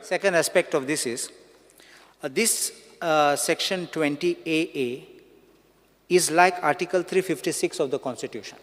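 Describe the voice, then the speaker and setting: A man, speaking as a legislator and advocate, lays out legal objections point by point, citing acts and articles. His voice sits a little high. A long reverb from the assembly chamber trails his words. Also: moderate pace, fairly bright tone. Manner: legalistic, cites statutes and dates.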